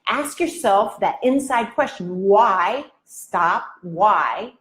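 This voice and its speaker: A woman delivers a devotional talk at an unhurried, measured pace, in a middle-pitched voice. She asks her listeners reflective questions. She often checks in with a soft "right?". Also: lively intonation. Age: married adult. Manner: slow and deliberate, with frequent "right?" tags. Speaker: women's devotional speaker.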